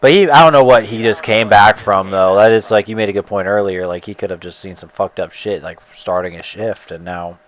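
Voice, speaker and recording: Low-voiced man rambling casually. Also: brisk, few pauses, rough recording. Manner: rambling, lots of "like" and restarts, swears casually. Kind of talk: casual chat.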